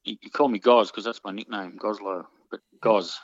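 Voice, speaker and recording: A man reminiscing about his football days in a casual interview, halting often with ums and false starts. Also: fairly low pitch, steady tone, dry recording. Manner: hesitant, many ums and restarts. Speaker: interviewee, former soccer player. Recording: dull, muffled recording.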